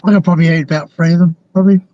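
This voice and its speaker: Brief: Australian man, higher voice but dark and mellow, casual rambling chat. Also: fairly even intonation, racing, no room sound, lo-fi sound. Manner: rambling, laughs often.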